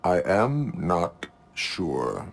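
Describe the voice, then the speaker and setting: A man voicing a stiff, formal cyborg police officer who speaks in a flat, measured, robotic way. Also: low-pitched, creaky, exaggerated voice. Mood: stern. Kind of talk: video game voice acting.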